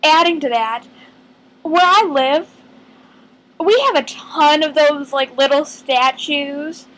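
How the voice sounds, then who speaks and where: High-voiced woman vlogger, slow and rambling. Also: fairly bright tone, low-quality recording. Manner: earnest, rambling, thinks aloud with many pauses. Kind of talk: casual fan chat to camera.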